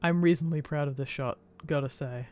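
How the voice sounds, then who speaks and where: A man's voice: on the high side, a little fast, a little mellow, a little hiss or hum. A man giving a casual, self-deprecating commentary over his old home videos and laughing often.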